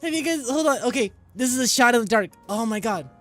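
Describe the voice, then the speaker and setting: A man's voice: very high-pitched, animated, fast, fairly bright tone, faint music behind. A man streamer chatting casually while trying out silly voices, giggling and rambling, with frequent self-interruptions.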